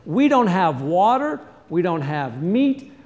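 A whining, complaining crowd of weary wanderers, put on by a male preacher, pitched up and pleading as they drag out every grievance. The voice rings with a long reverb from a large room. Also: very animated, slow pace, darkish tone, exaggerated voice.

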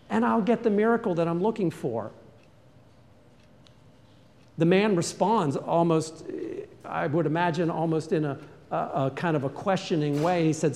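A man's voice: high voice, moderate pace, dark tone, big-room sound. A man preaching a sermon in a church, earnest and questioning, building up to urgent calls to act. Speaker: pastor.

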